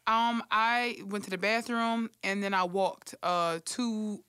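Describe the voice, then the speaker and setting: A woman's voice: mid-range voice, slow pace, smooth, no echo, clean studio sound. A young woman, co-hosting a casual chat and telling stories with lots of laughter and acted-out quotes. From Philadelphia. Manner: animated storytelling, acts out quotes, swears freely, laughs often. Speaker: podcast co-host.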